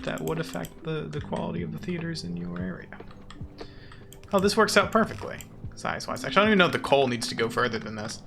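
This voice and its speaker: A man's voice: on the high side, creaky, bright, forceful tone. A man streaming a game, chatting casually and sarcastically with his chat. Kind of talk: casual chat while gaming.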